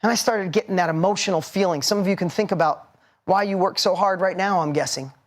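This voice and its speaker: A man's voice: sits high, fast. A man in his forties giving a motivational seminar talk, punchy and emphatic, hammering points with repetition. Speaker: motivational speaker.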